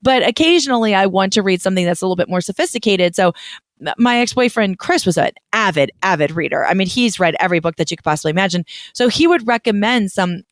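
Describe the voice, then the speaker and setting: A woman's voice: medium pitch, lively intonation, fast, no echo, studio quality. Chatty woman co-host, easy laugh. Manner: chatty, laughs easily, trails off mid-sentence. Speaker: podcast co-host. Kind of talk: casual chat.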